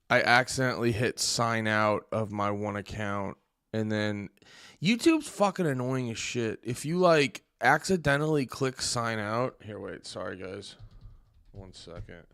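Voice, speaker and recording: A man's voice: medium pitch, gravelly, fairly bright tone, clear, resonant tone, dry recording, clean studio sound. A man hosting a livestream in casual chat, muttering to himself with irritation and swearing under his breath. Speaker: livestream host.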